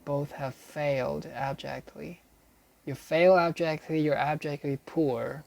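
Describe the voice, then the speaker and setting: A man working through dictionary entries aloud, explaining them in a halting way and repeating each sample sentence several times. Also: a little high, fairly even intonation, creaky, a little mellow, no room sound. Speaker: English learner studying a dictionary.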